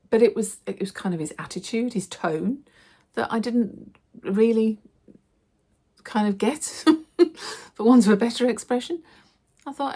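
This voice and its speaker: A middle-aged woman, chatting to camera in a casual vlog and telling stories with lively acted quotes. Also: on the high side, normal speed. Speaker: lifestyle vlogger.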